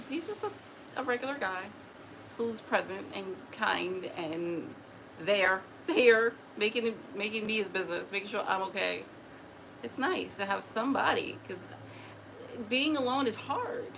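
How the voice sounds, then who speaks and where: A woman talking casually and emotionally to camera, often pausing to address an unseen spirit, with quick restarts and repeated words. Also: a little high, vocal fry, pushed and bright, rough recording. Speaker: spiritual vlogger. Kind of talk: casual personal talk to camera. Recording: noticeable background noise.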